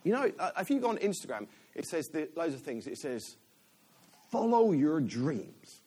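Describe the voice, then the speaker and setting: Animated man preaching a sermon. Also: on the high side, brisk. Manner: animated, chatty, self-interrupting with laughs.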